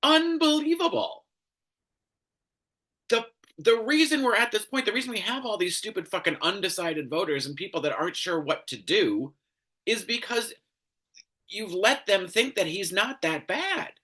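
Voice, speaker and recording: A man's voice: high voice, expressive, moderate pace, bright, forceful tone, slightly rough. A man hosting a commentary show, ranting angrily with lots of swearing and exasperation. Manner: angry, profane, exasperated.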